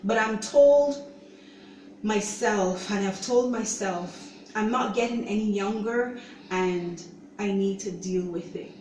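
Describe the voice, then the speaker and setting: A woman's voice: medium pitch, a little mellow, slight background noise. Earnest woman in a roomy echo. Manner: earnest, halting, leans on "you know". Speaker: show host sharing her own story. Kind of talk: personal testimony talk. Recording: roomy echo, voice distant from mic.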